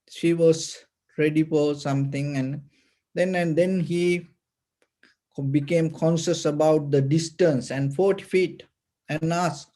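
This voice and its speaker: A man gives a Buddhist sermon in a very slow, unhurried delivery. His speech is halting, with fillers and restarts. His voice sits fairly high for a man but sounds dark and mellow. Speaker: Buddhist teacher.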